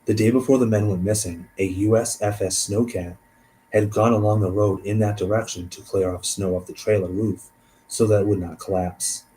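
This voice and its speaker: A man hosting a stream, reading a case aloud and thinking out loud between passages, trailing off and restarting. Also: fairly low pitch, fairly even intonation, normal speed, a little hiss or hum, low-quality recording. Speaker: host.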